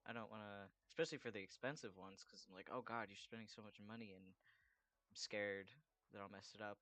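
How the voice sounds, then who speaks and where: A man's voice: on the low side, a bit bright, dry recording. A man chatting casually while he draws commissions, rambling and swearing freely. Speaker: artist drawing commissions. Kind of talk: casual chat while drawing.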